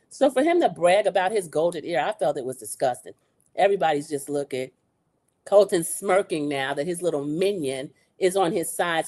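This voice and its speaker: A woman's voice: fairly low pitch, warm tone. A woman hosting a casual recap, retelling scenes with quoted dialogue and blunt opinions. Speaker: show recap host.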